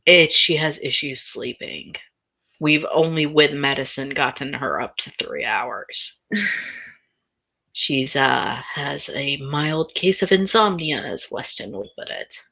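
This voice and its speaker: A woman's voice: a bass voice, expressive, slow pace, gravelly, pushed and bright, breathy edge. A woman narrating a tabletop role-playing game as game master, in a casual, playful way.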